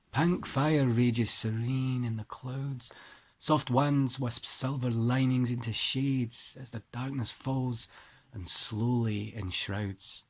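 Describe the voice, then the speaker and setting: Guy doing a scottish accent, reading a poem slow and tender. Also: mid-range voice. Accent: put-on Scottish. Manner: slow and tender, with soft pauses.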